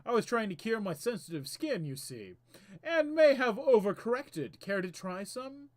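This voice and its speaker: A man voicing a kindly, absent-minded old male knight in a mild, gentle manner. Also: sits high, sing-song, normal speed, no echo, voice pushed up.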